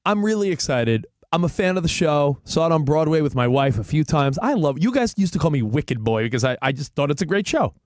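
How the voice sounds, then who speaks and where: A man's voice: on the high side, fairly quick, few pauses, dry recording, clean studio sound. A middle-aged man co-hosting a sports radio show, chatting casually and acting out quotes as he tells a story. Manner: animated storyteller, acts out quotes. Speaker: co-host.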